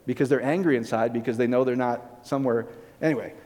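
A man's voice: medium pitch, quick pace, darkish tone. A male pastor preaching a conversational sermon, often asking the congregation whether it makes sense. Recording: long reverb of a large hall.

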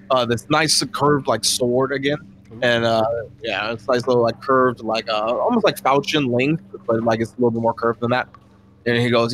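A male game master describing a fantasy scene at a mid pitch, often pausing with um and like. A faint ambient hiss sits under his voice. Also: fairly even intonation, fairly bright tone. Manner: rambling, many fillers. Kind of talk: narrating a tabletop game.

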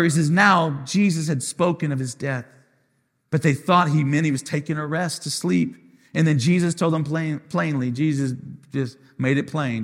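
A man's voice: a little high, moderate pace. A man preaching as lead pastor in a live sermon, with impassioned, repetitive phrases that swell into sung lines. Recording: long hall reverb.

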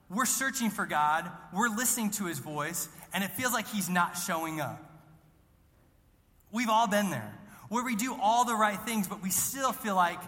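Male student pastor, high and bright, chatty sermon storyteller, long hall reverb. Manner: conversational storytelling with self-deprecating jokes. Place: church sanctuary.

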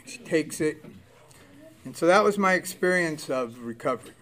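A man's voice: a little high, animated, normal speed, fairly bright tone. A man in his sixties from Southern California telling his recovery story bluntly and profanely, acting out the people in it. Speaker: recovery speaker. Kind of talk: personal testimony, storytelling.

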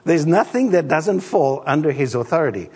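A middle-aged man preaching a sermon as a pastor, an animated storyteller who acts out the voices in his stories. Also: a little high, normal speed, slightly rough, big-room sound.

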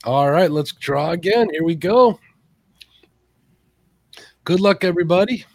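A man's voice: sits high, expressive, measured pace, no room sound. A man co-hosting a live stream giveaway, bantering and greeting viewers by name. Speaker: co-host running a giveaway. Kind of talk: casual live-stream chat.

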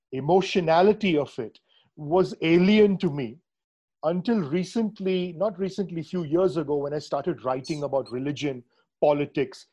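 Hesitant man with a dark, higher voice. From India. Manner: thoughtful, hesitant, many fillers and restarts. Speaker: podcast host. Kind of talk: conversational interview over video call. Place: Srinagar.

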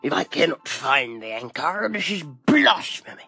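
A man's voice: a little high, sing-song, unhurried, vocal fry, sharp tone, breathy edge, dry recording, faint music behind, heavily acted. A young man voicing a grumpy pirate captain who growls "arr" as he talks. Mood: indignant.

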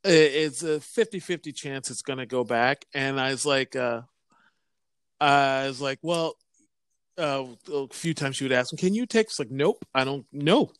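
A man's voice: mid-range voice, normal speed, a bit bright, clean tone, no echo. A man chatting casually, telling a rambling story with stops and restarts and plenty of swearing. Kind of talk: casual chat.

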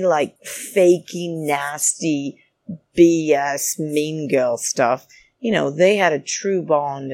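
Woman recapping a reality show; deep, gravelly, chatty and indignant. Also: warm tone. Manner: chatty, rambling, indignant asides. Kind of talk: casual chat recap.

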